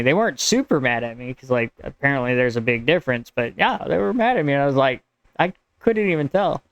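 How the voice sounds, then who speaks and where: An American man reads his own draft aloud and chats with his viewers. His voice is smooth and even, recorded dry and close. He rambles easily and stops mid-sentence to fix his wording. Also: medium pitch, a little fast, dry recording. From United States. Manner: rambling and conversational. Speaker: streamer and writer.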